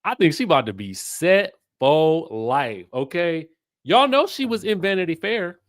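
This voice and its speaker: A man with runs a casual pop culture commentary. His pitch swings widely as he teases and riffs, and his unhurried delivery sits close and dry on the mic. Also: no room sound. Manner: animated, playful, sassy asides to viewers. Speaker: host.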